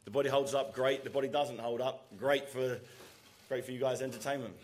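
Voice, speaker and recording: A boxer at a press conference, answering questions earnestly and repeating words for emphasis. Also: male voice, mid-range voice, fairly even intonation, a little fast.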